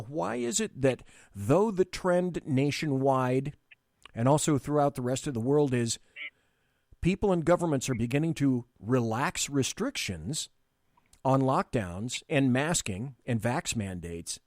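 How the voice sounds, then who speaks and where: A man's voice: medium pitch, a little mellow, no echo, clean studio sound. A man hosting a live political talk show, blunt and rambling, with frequent restarts.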